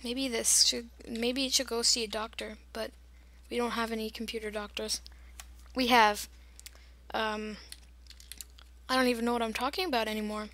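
A woman's voice: fairly high pitch, little pitch movement, normal speed, long pauses, a bit bright. A young woman chatting and rambling through casual gameplay commentary, giggling and wandering off on silly tangents. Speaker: gamer.

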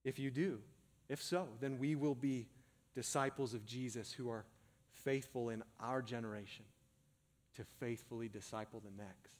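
A man's voice: mid-range voice, fairly even intonation. Impassioned male pastor preaching. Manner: impassioned, rising to emphatic repeated calls; slows and softens into a hushed prayer. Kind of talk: sermon.

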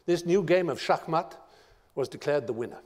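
A man giving a lecture as a guest speaker, telling stories in a dramatic, expressive way. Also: fairly high pitch, normal speed, long reverb tail. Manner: dramatic, expressive storytelling with lists. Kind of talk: storytelling lecture. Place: lecture hall.

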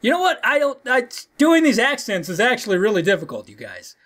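A man's voice: extremely high pitch, wildly swooping pitch, fairly quick, a bit bright. A young man casually commenting as he plays a video game, now and then reading the dialogue aloud in put-on voices. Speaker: let's play host. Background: game music.

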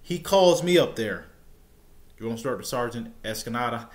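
A man's voice: medium pitch, lively intonation, normal speed, long pauses. Man rambling through a casual storytime. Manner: rambling, repeats and restarts words. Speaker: storytelling vlogger. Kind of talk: casual first-person storytime.

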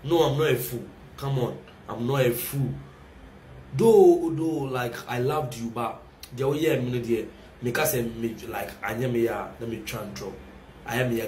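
A man's voice: mid-range voice, darkish tone, reverberant, slight background noise. A young Ghanaian man with a Ghanaian accent in an emotional casual rant, repeating himself and pleading, mixing in local words. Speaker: reality show contestant reacting on social media.

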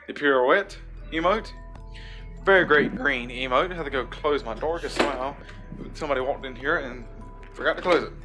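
A man's voice: medium pitch, moderate pace, music in the background. A man hosting a casual gaming video at home, reviewing in-game shop items in a rambling, upbeat way and repeating his praise often. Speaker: gaming YouTuber host. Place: home room.

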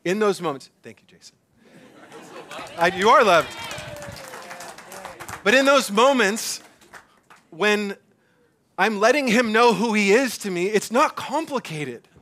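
A middle-aged man preaching a conversational sermon, animated, with many fillers and restarts, sometimes dropping to a soft hush. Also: sits high, measured pace, pauses often, some chatter behind. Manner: drops to a soft hush for emphasis. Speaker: pastor.

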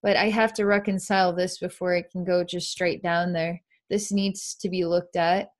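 A woman's voice: fairly low pitch, flat delivery, moderate pace. Woman psychic narrating her visions. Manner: earnest, meandering, describing visions as she goes. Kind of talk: narrating a live energy-healing session.

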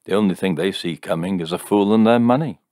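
A man's voice: low-pitched, quick pace, no echo, clean studio sound, close to an everyday voice. A man reading a story, voicing a smug, scornful young skeptic. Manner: steady, scornful, teasing.

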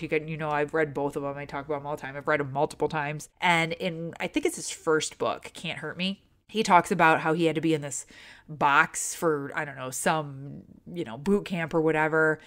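A middle-aged woman hosting a podcast, telling a personal story in a casual, animated way and acting out her own panic. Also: deep voice. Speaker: podcast host.

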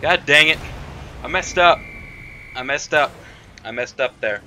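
A young man giving excited, trash-talking commentary while playing a video game, tossing "man" and "mate" into nearly every line. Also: fairly high pitch, measured pace, slight background noise. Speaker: gamer. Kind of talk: live gameplay commentary.

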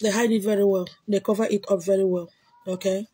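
A woman with a Nigerian accent hosting a casual livestream, answering viewer comments in an emphatic, repetitive way with loud exclamations. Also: medium pitch, little pitch movement, fast, breathy edge. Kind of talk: casual chat.

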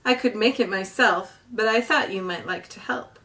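A woman voicing a calm, helpful female robot in a storybook reading, speaking politely and evenly. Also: medium pitch, moderate pace, distant mic, close to an everyday voice.

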